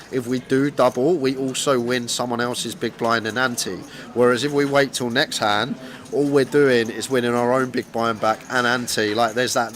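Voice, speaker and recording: A man commentating a poker stream, explaining strategy and chatting with his co-host. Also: mid-range voice. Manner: explanatory, stammering restarts when excited. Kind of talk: poker commentary and casual chat.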